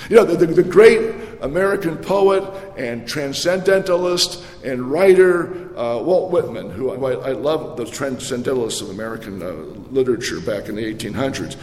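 Echoey preaching man, halting but dramatic. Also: mid-range voice, lively intonation. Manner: halting restarts with dramatic storytelling. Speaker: priest. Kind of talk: sermon. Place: church. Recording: echoey church hall reverb.

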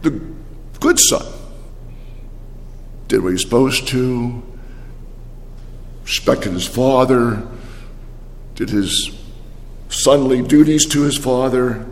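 An older man preaching a sermon, telling the story with animated energy and frequent restarts. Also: mid-range voice, takes it slowly, pauses often, big-room sound.

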